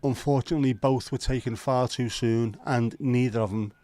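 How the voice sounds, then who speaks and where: A man's voice: mid-range voice, steady tone, moderate pace, warm tone, no room sound. Chatty man hosting a stream. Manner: chatty, greets viewers by name, jokey. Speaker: live stream host. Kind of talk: casual watch-along chat.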